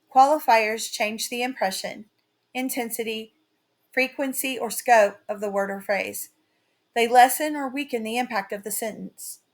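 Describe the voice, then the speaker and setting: A woman teaching a writing lesson in a slow, carefully read-out, scripted delivery. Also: on the high side.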